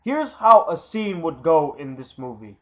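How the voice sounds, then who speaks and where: A man's voice: a little high, sing-song, unhurried, pushed and bright. A man giving a casual movie review in a blunt, candid way, repeating himself for emphasis, in a muffled lo-fi recording.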